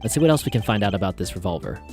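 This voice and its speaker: A man voicing a stern young male prosecutor in a put-on British accent, formal and measured, dubbing a game as he plays. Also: on the low side, sing-song, over music, voice pushed down. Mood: cool deduction. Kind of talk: fan voice-over while playing.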